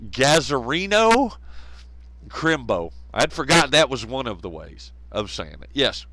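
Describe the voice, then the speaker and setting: A man's voice: mid-range voice, sing-song, normal speed, sharp tone, no echo. A man hosting a casual live stream, rambling, laughing often and bantering with viewers in chat.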